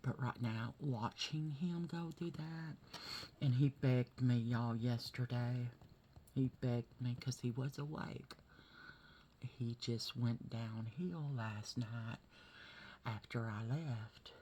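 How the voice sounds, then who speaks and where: A woman talking through a hard day in a vlog, teary and halting, often asking "okay?" and sometimes dropping to a whisper. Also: extremely low pitch, mellow, a little hiss or hum. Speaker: vlogger. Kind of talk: emotional personal vlog.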